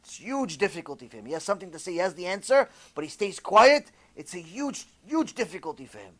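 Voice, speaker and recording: A man giving an animated, conversational sermon, telling a story and sprinkling in Hebrew terms. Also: high voice, fast talker. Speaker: religious teacher.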